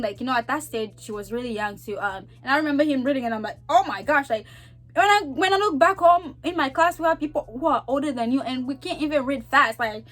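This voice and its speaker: Lively young Zambian woman. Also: sits high. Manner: animated, laughing, acts out voices. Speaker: vlogger. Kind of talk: casual storytelling to camera.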